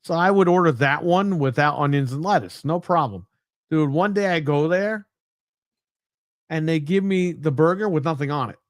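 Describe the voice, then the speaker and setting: A man's voice: fairly high pitch, animated, moderate pace, no echo, studio quality. A man co-hosting a gaming podcast, telling rambling anecdotes with casual swearing. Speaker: podcast co-host. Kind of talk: casual chat.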